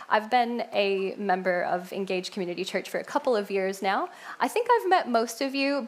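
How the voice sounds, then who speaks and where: Gravelly-voiced New York woman giving testimony. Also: mid-range voice. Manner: chatty, warm asides with fillers and laughs. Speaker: church member sharing testimony. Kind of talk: personal testimony talk.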